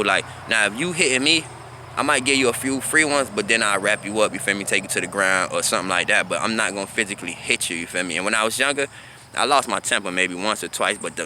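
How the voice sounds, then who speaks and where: A man in his thirties from South Florida talks through his past in a loose, rambling monologue. His voice is low-pitched but very bright and forward. Faint outdoor noise with crickets and passing traffic sits behind him. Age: 30s. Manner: loose and conversational, repeats "you feel me?" often. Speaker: vlogger. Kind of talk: casual storytelling monologue.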